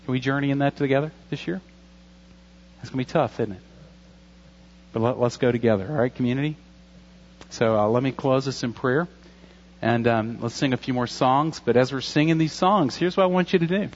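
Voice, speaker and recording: A man in his forties preaches to his congregation in a relaxed, conversational way, earnest and now and then joking. His voice sits at an ordinary pitch. The recording sounds a little dull and lo-fi. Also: moderate pace, long pauses. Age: 40s. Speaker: pastor. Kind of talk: sermon.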